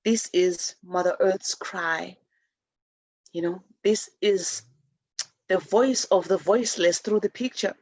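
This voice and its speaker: A woman's voice: lowish voice, slow, darkish tone, no room sound. A woman from Zimbabwe hosting a spiritual talk show, speaking earnestly and rambling with many restarts. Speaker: host.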